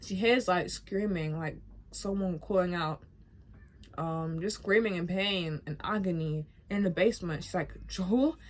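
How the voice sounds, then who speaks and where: Animated and emotional, a woman vlogger casually recaps a video game story, laughing often and calling her viewers guys and bro. Her voice is fairly low and her pace measured.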